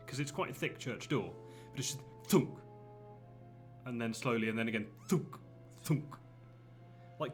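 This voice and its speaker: A man running a tabletop game as game master, narrating what the players hear and mimicking the sounds. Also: on the high side. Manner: descriptive, with sound effects in words. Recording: faint background music.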